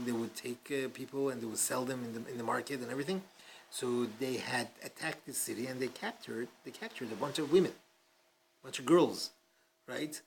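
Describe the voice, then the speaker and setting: A man's voice: mid-range voice, gravelly, slight background noise. A man teaching a casual Talmud class, telling a story with many fillers and restarts and acting out the quotes. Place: study hall class.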